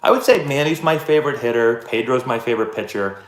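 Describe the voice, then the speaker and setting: Talking fast in an echoey room, a man from around Boston with a mid-range voice runs a laid-back baseball livestream. He spins lively stories loaded with fillers and reads out messages from his live chat.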